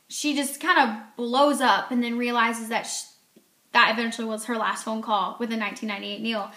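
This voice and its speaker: A woman talks through a book in a casual vlog, retelling the story and acting out the characters' lines. Her voice is bright and a little high. It echoes around the room. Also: steady tone, brisk. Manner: chatty retelling, acting out quotes. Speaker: book reviewer.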